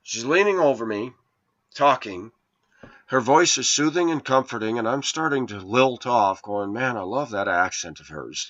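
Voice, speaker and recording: A man in his forties with a fairly low voice delivers a meandering personal monologue to his viewers. He tells his stories in an earnest, aggrieved tone. The sound is dull and lo-fi. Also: fairly bright tone. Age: 40s. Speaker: vlogger. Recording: dull lo-fi recording.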